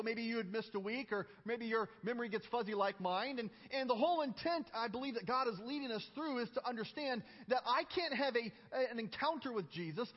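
A man preaching an earnest sermon as a pastor, acting out the dialogue of the passage and often repeating a word as he starts a phrase. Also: extremely high pitch. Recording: dull sound with long hall reverb.

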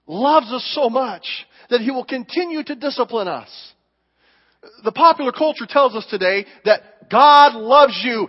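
A man with a very high voice preaches in a church, animated and emphatic as he tells stories. His voice comes through dull and muffled, with a long reverb trailing off the hall. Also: breathy edge. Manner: animated, emphatic storytelling with acted quotes. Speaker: pastor. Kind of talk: sermon.

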